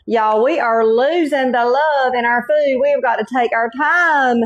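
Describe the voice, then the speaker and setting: A woman's voice: fairly high pitch, unhurried, hardly any pauses. A middle-aged woman with a Southern Carolina accent, hosting a home cooking demonstration in a folksy, chatty way. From North Carolina. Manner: folksy, chatty, keeps saying y'all and okay. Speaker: cooking channel host.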